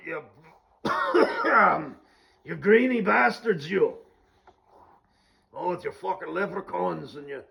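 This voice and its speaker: A man putting on the voice of a rowdy, cursing Irish man who blusters loudly between coughs. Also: medium pitch, vocal fry, close to an everyday voice.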